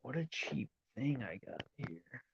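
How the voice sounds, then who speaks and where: A man chatting casually on a livestream, musing aloud in a slow, wandering way while he looks over a map. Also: mid-range voice, sing-song, vocal fry, breathy edge, muffled recording.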